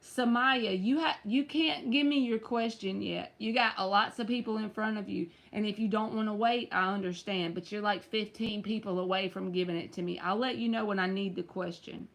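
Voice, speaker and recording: A woman's voice: medium pitch, moderate pace, creaky, hardly any pauses, fairly bright tone. A woman running a casual live-stream tarot reading, chatty and teasing as she talks to viewers by name.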